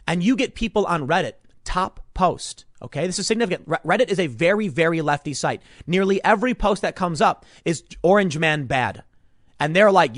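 A man's voice: sits high, lively intonation, quick pace, no room sound, clean studio sound. A man delivering an indignant political commentary monologue, stumbling over repeated words as he reads out headlines.

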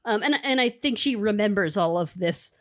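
A woman in her thirties co-hosting a podcast, telling a lively story in casual chat and acting out what people said. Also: mid-range voice, moderate pace, no room sound, clean studio sound. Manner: animated storyteller, acts out quotes. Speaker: podcast co-host.

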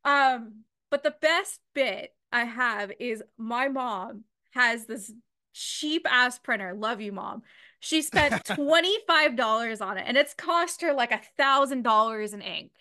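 Podcast host, young woman from Canada, clear bright tone, animated storyteller who swears constantly. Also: a little high, takes it slowly. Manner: swears freely, acts out her mom in animated bits. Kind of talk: casual podcast chat.

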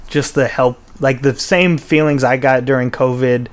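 A man's voice: mid-range voice, steady tone, normal speed. A man hosting a podcast in casual chat, talking in a rambling, profane way full of restarts and fillers. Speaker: podcast host.

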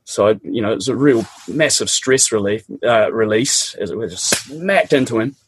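A man's voice: lowish voice, moderate pace, slightly rough, no room sound. A middle-aged man with a New Zealand accent, casually and animatedly telling a personal story, often laughing.

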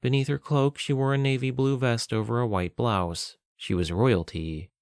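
A man narrating a novel in a measured, even storytelling voice on a close mic. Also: medium pitch, dry recording. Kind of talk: scripted audiobook narration.

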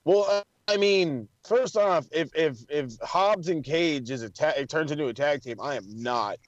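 A man co-hosting a podcast who rambles and swears his way through casual chat. His voice sits a bit high, and the audio comes through a little dull and lo-fi. He talks with excitable, loose energy. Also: moderate pace, no echo. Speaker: podcast co-host.

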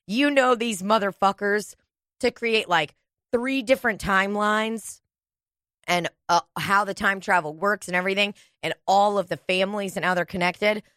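A woman's voice: medium pitch, normal speed, fairly bright tone, no room sound. Woman podcast cohost, rambly and sweary, dry close sound. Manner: crude, rambling, swears a lot. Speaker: podcast co-host. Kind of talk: casual podcast chat.

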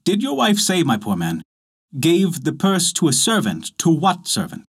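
A man voicing a young country squire in a folk tale, measured and authoritative. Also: fairly high pitch, wildly swooping pitch, breathy edge, heavily acted. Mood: puzzled.

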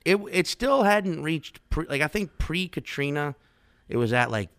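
A man's voice: on the high side, animated, moderate pace, a bit bright, no room sound. A man from the New Orleans area in his thirties, a comedian rambling and swearing in casual podcast chat. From New Orleans area, Louisiana. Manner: rambling, profane, laid-back.

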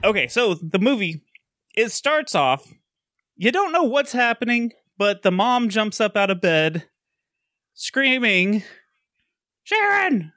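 A man co-hosting a casual movie-review podcast, animated and laughing, often restarting his sentences. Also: sits high, measured pace, no echo, clean studio sound. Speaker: podcast co-host.

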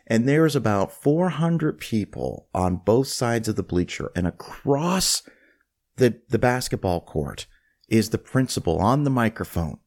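A man hosting a podcast, telling a personal story in a casual, animated way and often restarting his phrases. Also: medium pitch, measured pace. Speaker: podcast host.

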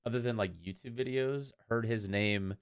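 A man co-hosting a casual fan podcast, talking in a rambling, animated way and laughing often. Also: medium pitch, moderate pace, clear, resonant tone. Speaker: podcast co-host.

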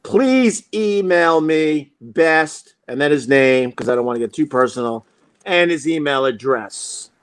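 A middle-aged man hosting a talk show, telling a story in a casual, animated, profane way and acting out other people's lines. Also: fairly high pitch, measured pace, clear, resonant tone.

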